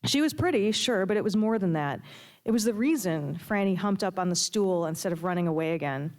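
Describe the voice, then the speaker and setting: A woman reading her own fiction aloud with a steady storytelling delivery. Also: mid-range voice, a little fast. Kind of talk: prose reading.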